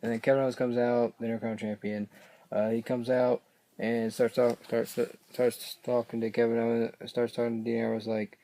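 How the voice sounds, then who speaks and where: Guy rambling thru a recap, kinda monotone, stops and restarts a lot. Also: medium pitch, fairly quick. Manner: rambling, hesitant, loses his place often. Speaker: wrestling reaction vlogger. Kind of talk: casual episode recap.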